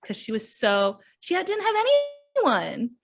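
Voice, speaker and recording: A woman hosts a relaxed book review chat. She talks freely and often drops into quoted lines from the characters as she tells the plot. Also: fairly high pitch, a little slow. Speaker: podcast host reviewing books.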